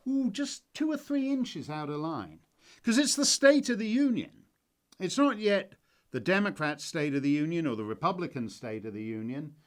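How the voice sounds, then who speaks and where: A man hosting his own commentary show, talking off the cuff in a rambling, wry way with many fillers and restarts. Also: on the high side. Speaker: host. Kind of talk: casual spoken commentary.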